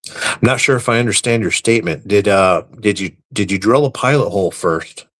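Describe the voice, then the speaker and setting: A man hosting a live stream, reading viewer comments aloud and answering them with deadpan, crude, mock-serious jokes. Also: lowish voice, brisk. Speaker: livestream host reading chat. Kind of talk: casual live-stream banter.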